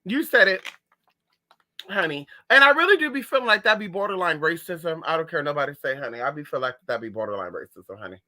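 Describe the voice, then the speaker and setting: Sassy male streamer, high voice and bright tone, chatty and animated. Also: quick pace. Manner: sassy, animated, calls viewers honey and girl. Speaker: livestream host reading chat. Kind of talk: casual chat.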